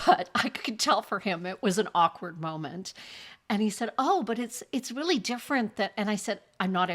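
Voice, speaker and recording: An older woman hosting a podcast, telling personal stories frankly and acting out the remarks of others, often with a laugh. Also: medium pitch. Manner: animated, acts out quoted remarks. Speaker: podcast host. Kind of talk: personal storytelling monologue.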